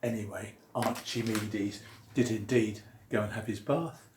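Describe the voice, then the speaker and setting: A man's voice: fairly low pitch, steady tone, measured pace, a little hiss or hum. A man giving a jokey science lesson full of puns and drawing diagrams as he explains. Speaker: science teacher. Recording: roomy echo.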